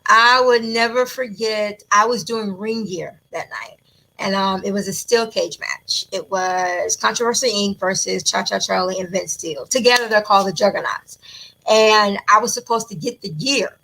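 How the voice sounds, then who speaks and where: A woman who announces wrestling, chatting in an interview and telling animated stories with plenty of laughter. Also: medium pitch, normal speed, creaky, rough recording. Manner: animated, laughs often, acts out quotes. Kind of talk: casual interview storytelling.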